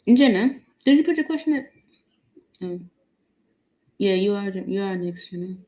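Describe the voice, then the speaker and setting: A woman's voice: medium pitch, lively intonation, moderate pace, dark tone, poor audio. A woman reading tarot on a casual live stream, chatting and laughing while she reads viewer questions aloud. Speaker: tarot reader.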